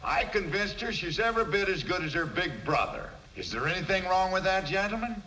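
A wisecracking talking mule. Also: male voice, high voice, expressive, brisk, bright, forceful tone, slight background noise, poor audio. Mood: smug. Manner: sardonic, bossy, wisecracking. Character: wisecracking talking male mule, gruff and impatient. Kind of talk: 1950s film comedy acting.

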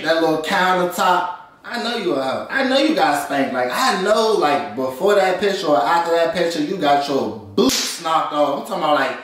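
Young guy ranting, cussing nonstop, kinda high voice, big echo, sounds off from the mic. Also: fairly bright tone, recorded from a distance. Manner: profane, rambling slang-heavy rant. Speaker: host. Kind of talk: comedic rant. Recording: echoey room, voice away from mic.

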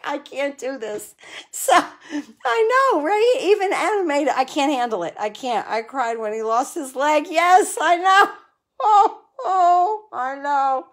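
Chatty middle-aged woman, slightly high voice. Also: fairly bright tone. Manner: chatty, laughs often, answers viewer comments by name. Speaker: craft seller hosting a live stream. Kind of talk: casual live-stream chat. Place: home crafting corner.

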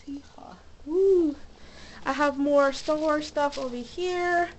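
A woman's voice: high voice, measured pace, a little hiss or hum, poor audio. A young woman showing off her collection in her bedroom in a casual vlog, bubbly and gushing with little cheers, a bit out of breath and sick. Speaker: vlogger. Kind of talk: casual show-and-tell vlog. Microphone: camera mic, moving handheld.

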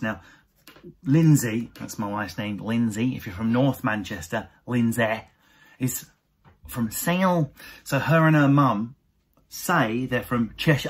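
A man from Essex doing an animated stand-up routine to camera, often jumping into high mocking voices of other people. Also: slightly rough. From Essex, England. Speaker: stand-up comedian.

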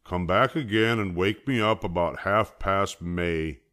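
A man's voice: low voice, measured pace, a bit bright. An older man voicing a sleepy, grumpy male toad in a storybook read-aloud, in a drowsy, reluctant way.

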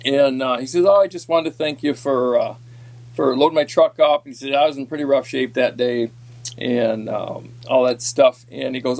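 A man's voice: mid-range voice, normal speed, gravelly, darkish tone. A man, a former tournament angler, telling a long, rambling story in a casual podcast chat, folksy and full of ums. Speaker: podcast guest, former walleye tour pro.

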